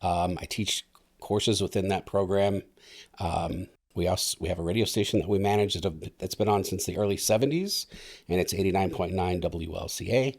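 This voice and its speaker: A middle-aged man, a radio instructor and station manager, explaining things in a relaxed podcast interview and laughing easily. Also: sits low, normal speed, gravelly.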